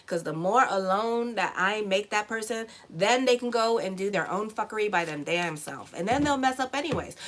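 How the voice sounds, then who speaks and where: A woman's voice: medium pitch, a bit bright. A woman astrologer giving a casual, blunt horoscope reading with swearing and rambling digressions. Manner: chatty, blunt, swears freely, digresses into stories. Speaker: astrologer and tarot reader.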